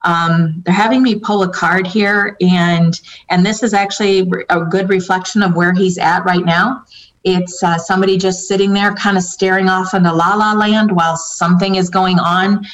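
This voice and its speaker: A woman's voice: fairly low pitch, steady tone, normal speed. A woman giving a psychic reading in a casual, hesitant way, full of fillers and restarts as she relays what the spirits tell her. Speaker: psychic medium answering viewer questions. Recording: dull lo-fi recording.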